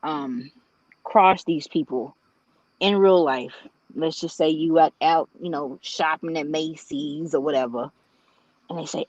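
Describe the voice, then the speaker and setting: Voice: medium pitch, a little slow, no echo. A guest on a video call in casual chat, talking in a rambling, emphatic way and playfully repeating points. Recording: dull, dry video call audio.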